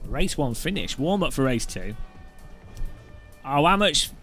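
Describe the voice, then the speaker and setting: A man's voice: mid-range voice, very animated, a little slow, creaky, fairly bright tone, soft background music. A British man giving casual, joking commentary while sim racing, rambling into funny anecdotes.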